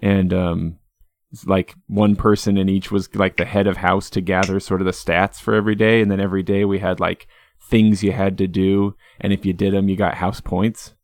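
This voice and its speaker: A young man hosting a podcast interview, easygoing and reflective, answering with quick short replies. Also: low voice, little pitch movement, no echo. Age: young adult. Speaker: podcast host. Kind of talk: casual interview chat.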